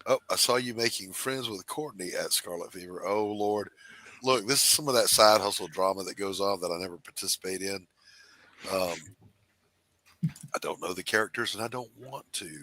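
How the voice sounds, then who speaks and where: A Southern American man hosts a loose, joking chat, his voice bright and forceful with a slightly low pitch. He teases his guests with wry, animated banter. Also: moderate pace, dry recording, rough recording. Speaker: podcast host. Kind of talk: casual chat.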